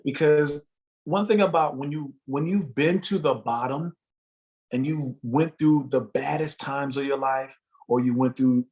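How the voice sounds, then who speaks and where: A man's voice: medium pitch, a little mellow. Earnest motivational man from Jamaica. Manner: earnest, motivational, repeats phrases for emphasis. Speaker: guest, musician and motivational speaker. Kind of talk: interview storytelling.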